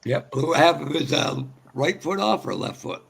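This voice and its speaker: A man's voice: a little high, sing-song, normal speed, vocal fry, fairly bright tone, slightly rough. A man in casual, teasing chat on a live stream. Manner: joking, teasing.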